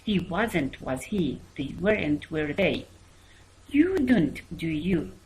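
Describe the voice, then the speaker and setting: A woman's voice: low-pitched, big pitch swings, slow, a little mellow, low-quality recording. Woman teacher going through english grammar examples, voice rises and falls a lot, repeats stuff for emphasis. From Arab world. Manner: reads examples aloud and repeats them for emphasis. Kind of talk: recorded grammar lesson.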